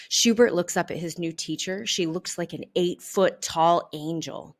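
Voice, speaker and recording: A woman reading a children's storybook aloud in an expressive, unhurried way. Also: on the low side. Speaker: storybook reader.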